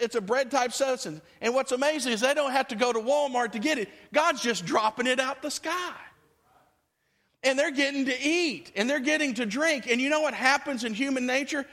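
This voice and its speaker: A man's voice: very high voice, a bit bright. A man preaching a sermon as pastor, talking to his congregation in a conversational way and acting out quotes.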